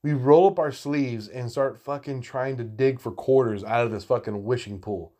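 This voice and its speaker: A man in his thirties with a twang, spinning a loose, profanity-laden tale. He rambles and restarts, swears freely, and breaks into laughter as he goes. He sounds relaxed and talkative. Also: medium pitch, moderate pace. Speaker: storyteller. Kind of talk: casual storytelling monologue.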